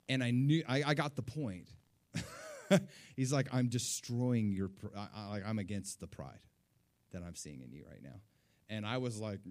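In this sermon, a man recounts something from his own life with lively, excitable energy. His voice rises high as he brings back moments of joy.

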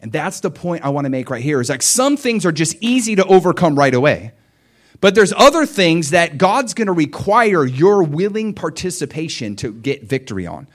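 Animated male preacher. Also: fairly high pitch, normal speed. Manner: animated storytelling, swings from soft muttering to loud cries. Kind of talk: sermon.

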